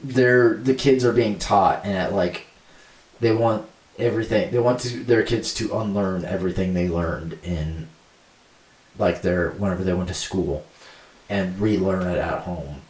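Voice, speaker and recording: A man's voice: deep voice, measured pace, a little mellow, far from the mic. A young man co-hosting a podcast in casual chat, rambling with lots of fillers and laughing easily. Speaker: podcast co-host. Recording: roomy sound from off mic.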